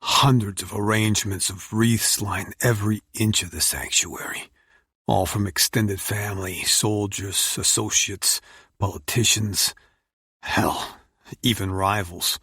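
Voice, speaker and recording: Husky low guy reading a dark audiobook, brooding, dry close mic. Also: dry recording. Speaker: audiobook narrator. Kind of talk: first-person audiobook narration.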